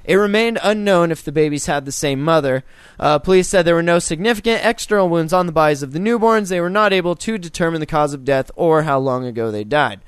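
A man's voice: a little high, animated, fast, few pauses, clear, resonant tone, dry recording, clean studio sound. A young man co-hosting a casual podcast, reading news stories aloud and breaking off to swear and joke. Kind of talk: casual crude chat.

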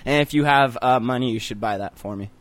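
A young man hosting a casual online show, telling crude stories fast with plenty of swearing and laughter. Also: mid-range voice, no room sound. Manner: profane, joking, quick storytelling with laughs. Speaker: podcast host.

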